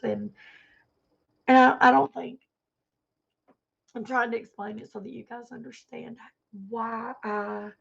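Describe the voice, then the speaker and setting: Woman livestreamer, earnest and rambling, gravelly husky voice, dull lo-fi sound. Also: a little high, slight background noise. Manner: earnest, rambling, repeats herself. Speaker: livestream vlogger. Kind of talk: emotional personal livestream talk.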